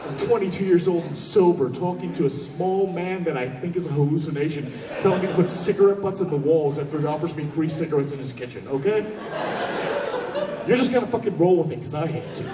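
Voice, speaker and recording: A man telling a comic story on stage in a convention hall, animated, profane and laughing. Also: on the high side, fast, a crowd in the background. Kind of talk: stand-up storytelling. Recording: echoey hall from far off.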